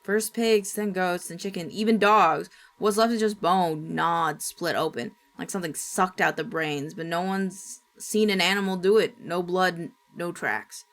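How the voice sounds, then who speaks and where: A woman's voice: on the low side, fairly even intonation, unhurried, few pauses. Woman doing a grim small-town local woman. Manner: grim, sighing retelling.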